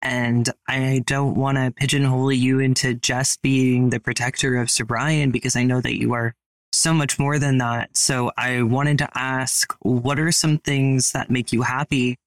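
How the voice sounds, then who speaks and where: A man interviewing a guest, asking measured, carefully worded questions in a supportive tone. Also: medium pitch, flat delivery, no echo.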